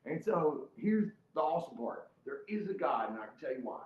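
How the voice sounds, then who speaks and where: A man's voice: on the high side, big pitch swings, fairly quick, slight background noise. A man telling a heated, profane story as a guest in casual podcast chat. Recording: roomy, slightly dull podcast audio.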